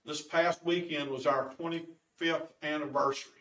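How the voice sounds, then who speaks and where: A bashful old farmer with a drawl, put on by a preacher telling a joke. He speaks low and quiet. The voice rings through a big echoey church, picked up from a distance. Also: fairly even intonation, normal speed, natural voice. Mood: wistful.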